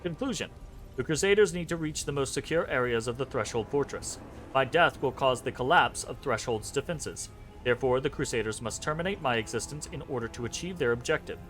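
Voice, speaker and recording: A man voicing an imprisoned male metal construct in a flat, semi-robotic delivery of clipped, protocol-style statements. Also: medium pitch, brisk, faint music behind, close to an everyday voice. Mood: clinical. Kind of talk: reading game dialogue aloud.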